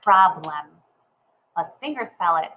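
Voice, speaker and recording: A woman's voice: on the low side, expressive, slow pace, phone-quality sound, slight background noise. A woman teaching a reading lesson, sounding words out syllable by syllable and spelling them letter by letter.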